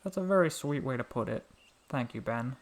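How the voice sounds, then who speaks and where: A man voicing a gentle, kind-hearted talking male frog in a storybook reading, soft and cheerful with a warm, teasing manner. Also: medium pitch, expressive, brisk, natural voice.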